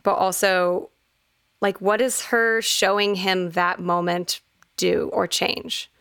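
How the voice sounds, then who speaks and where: A woman's voice: lowish voice, steady tone, takes it slowly, creaky, fairly bright tone, clean tone, dry recording. A woman co-hosting a podcast, chatting and picking apart a TV episode with lots of "like"s. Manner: chatty, analytical, many "like"s. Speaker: podcast co-host. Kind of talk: casual TV recap chat.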